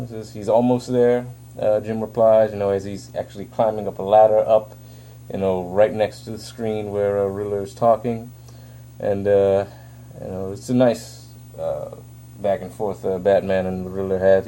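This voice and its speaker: A man's voice: lowish voice, flat delivery, moderate pace, warm tone, slight background noise. A man giving a casual spoken comic book review, hesitant and full of fillers, recorded on a phone. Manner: hesitant, filler-heavy, rambling.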